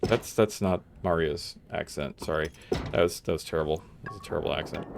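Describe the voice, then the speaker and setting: A man's voice: a bass voice, fairly quick, creaky, noisy background. A man casually commentating his gameplay at home, rambling and joking at his own expense. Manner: rambling, self-joking and chatty. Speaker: game streamer.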